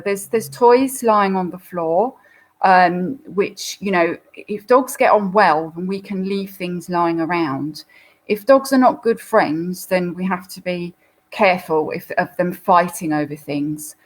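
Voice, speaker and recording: A woman's voice: medium pitch, poor audio. A woman hosting a live Q&A, talking through viewer photos in a chatty, explanatory way with frequent fillers. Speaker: dog behaviourist host.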